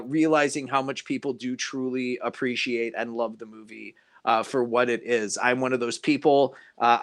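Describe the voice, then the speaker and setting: A man's voice: medium pitch, a bit bright, smooth. A man co-hosting a casual review podcast, enthusiastic and full of "uh" fillers. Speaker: podcast co-host.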